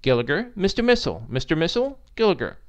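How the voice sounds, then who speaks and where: A man's voice: on the high side, sing-song, fast, highs cut off, voice pushed up. A man doing a bubbly young woman. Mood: cheerful. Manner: bubbly, teasing. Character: cheerful, playful young woman.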